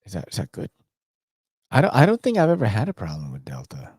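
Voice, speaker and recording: A man's voice: on the low side, wildly swooping pitch, quick pace, a little mellow, husky, no echo, studio quality. A man vlogging about knives in a rambling casual chat, full of slang and frequent swearing. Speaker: knife vlogger.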